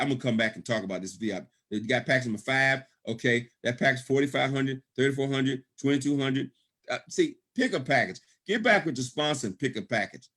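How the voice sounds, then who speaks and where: A man's voice: mid-range voice, a bit bright. A middle-aged man, presenting a business opportunity on a call, emphatic and repetitive, checking in with "okay?" often. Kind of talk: sales pitch on a conference call.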